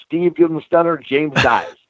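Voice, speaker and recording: An older man tells road stories with loose, animated energy and keeps tossing in "bro" and "man." His voice comes through a thin, phone-like line. The sound is dry, with no room around it. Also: fairly high pitch, moderate pace, no echo. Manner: animated storyteller, says bro and man a lot. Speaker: guest, retired pro wrestler. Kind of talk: casual interview storytelling.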